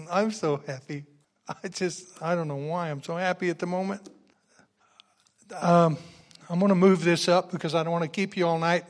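A man preaching a sermon and reading scripture verse by verse, moving from quiet, chatty asides to loud, exuberant exclamations. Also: high-pitched, steady tone, normal speed, long pauses.

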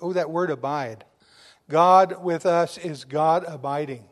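A middle-aged man preaching a sermon, exuberant and emphatic, at times bursting into shouts. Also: fairly high pitch, measured pace.

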